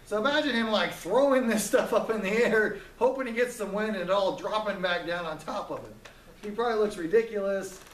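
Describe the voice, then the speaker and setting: Chatty high-voiced man teaching the Bible in an echoey room. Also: fairly quick, distant mic, a little hiss or hum. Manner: retells the story in voices, chatty and joking.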